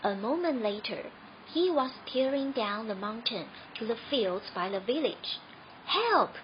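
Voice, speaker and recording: A woman reading a children's story aloud in a slow, gentle storybook manner. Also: fairly high pitch, lo-fi sound, slight background noise.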